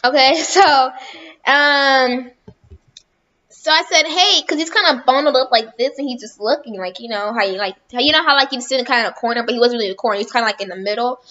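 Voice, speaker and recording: A woman's voice: high-pitched, fast talker, sharp tone, lo-fi sound. A woman telling a rambling storytime on her vlog, chatting casually and often correcting herself. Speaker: vlogger.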